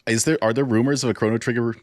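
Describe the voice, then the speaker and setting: A man's voice: medium pitch, steady tone, rapid-fire, a little mellow, no echo, studio quality. A man co-hosting a podcast, asking questions in an easygoing, casual way. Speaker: podcast co-host. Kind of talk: casual chat.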